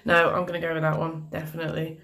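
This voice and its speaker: A woman's voice: low-pitched, completely flat delivery, fast, fairly bright tone. A woman giving chatty, exasperated commentary over a game she is playing, with plenty of mild swearing. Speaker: gaming commentator. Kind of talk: live gameplay commentary.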